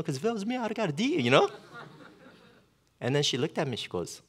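A man's voice: fairly low pitch, sing-song, racing, fairly bright tone. A middle-aged male pastor preaching a sermon in a conversational way, with lots of fillers and storytelling.

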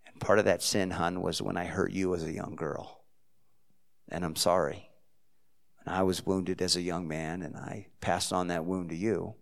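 A man voicing a remorseful older father who speaks softly and earnestly as he apologizes. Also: low voice, little pitch movement, normal speed, vocal fry.

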